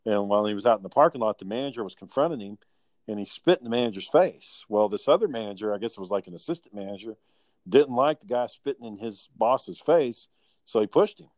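A man's voice: fairly low pitch, lively intonation, fast, a little mellow, no room sound. A young man, telling rambling, profane family stories in casual chat with his brother.

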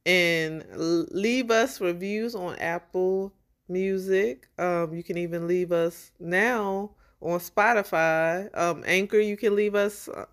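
A woman co-hosting a podcast in casual chat, relaxed and chatty, with informal slang. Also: on the low side, slow. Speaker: podcast co-host.

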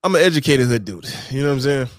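A man's voice: medium pitch, animated, rapid-fire, no echo, studio quality. A man, talking casually to camera in slangy street talk and repeating "you know what I'm saying" again and again. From Detroit, USA. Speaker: vlogger.

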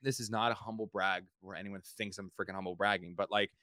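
Fast, bright-voiced podcast host. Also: male voice, lowish voice, fairly even intonation, dry recording. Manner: rambling storyteller who repeats words. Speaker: podcast host and sports reporter. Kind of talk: casual podcast chat.

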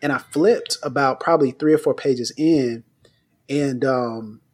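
A man hosting a casual conversation, telling a personal story in an animated way. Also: mid-range voice, unhurried.

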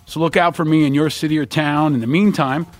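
A man hosting a podcast, interviewing passersby on a city street with quick joking banter. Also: on the high side, fairly even intonation, dry recording, soft background music.

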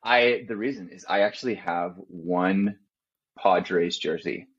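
Deep guy, relaxed and filler-heavy, dull audio. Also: slow pace, husky. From Austin, Texas. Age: young adult. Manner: easygoing, many fillers. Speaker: podcast guest. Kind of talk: casual chat.

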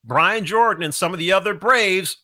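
Male podcast host, bright tone, lively storyteller. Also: sits high, normal speed. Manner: animated storytelling, leading questions. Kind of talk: interview.

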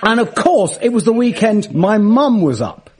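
A man with a husky voice, telling funny anecdotes in casual chat and laughing mid-sentence. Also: sits high, sing-song, normal speed. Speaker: guest, comedian and musician.

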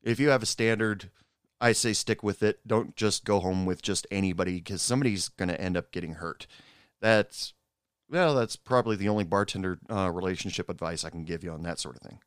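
Brief: middle-aged man, smooth low voice, dry close sound, rambling personal storyteller. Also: no room sound. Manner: rambling, halting, with frequent asides. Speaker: former bartender telling stories.

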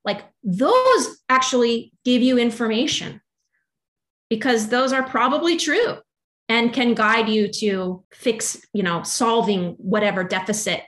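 A young adult woman, a musician appearing as a guest, talks about faith and doubt in a fairly high voice at a measured pace. It's a casual faith conversation, and she's animated and rambling, with plenty of fillers.

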